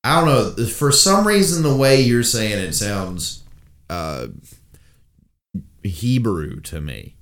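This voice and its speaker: A man's voice: fairly low pitch, expressive, a bit bright. A man co-hosting a comedy podcast, telling stories in a drawling, joking way. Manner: slow, drawling storyteller with big laughing outbursts. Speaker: podcast co-host. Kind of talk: casual comedic banter.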